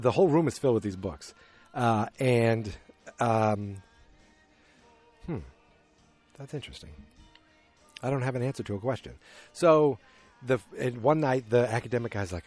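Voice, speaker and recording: Male podcast host, casual rambling recap, mid pitch. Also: lively intonation, moderate pace, a little mellow, soft background music. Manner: rambling, restarts, acts out characters' lines.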